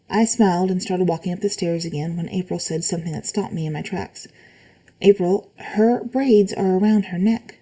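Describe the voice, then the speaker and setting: A woman reading spooky stories aloud in a calm, even way, adding short comments of her own. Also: medium pitch, poor audio. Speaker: reader of online stories.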